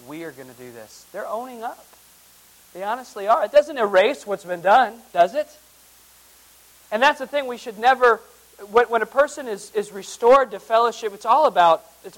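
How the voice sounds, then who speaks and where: A high-voiced male preacher works verse by verse through a Bible passage, reading the old, formal scripture wording aloud before explaining it. His delivery swings dramatically from hushed, intimate tones up to loud, emphatic peaks, and the audio quality is poor.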